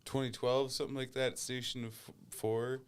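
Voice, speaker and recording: A man co-hosting a podcast, talking in casual chat with enthusiastic, halting speech. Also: medium pitch, little pitch movement, clear, resonant tone. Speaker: podcast co-host.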